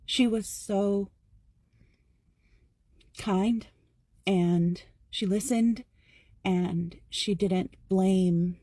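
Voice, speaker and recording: A woman recounting a doctor's visit in a soft, emotional way. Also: mid-range voice, no room sound. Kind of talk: personal testimony.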